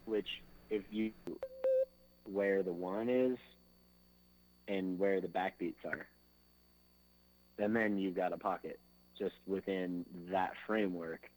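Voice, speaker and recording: A man's voice: low-pitched, steady tone, takes it slowly, long pauses, darkish tone, rough recording. A man, a drummer being interviewed, talking in a loose, rambling way full of fillers, sometimes singing drum beats with his mouth. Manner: loose and rambling, fills with "like" and "you know". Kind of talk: casual interview chat.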